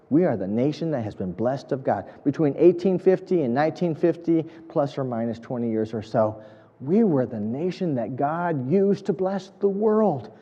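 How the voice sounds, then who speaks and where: A man's voice: on the high side, dark tone, in a large hall, highs cut off. A man preaching an earnest, emphatic sermon, building points through repetition. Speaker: pastor.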